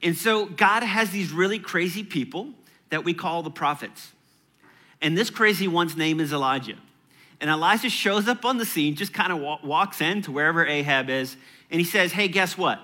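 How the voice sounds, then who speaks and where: This pastor, a man in his thirties, preaches a sermon in a church with a voice on the high side and a sharp tone. He talks at a normal speed, keeping things conversational and playful with chatty asides.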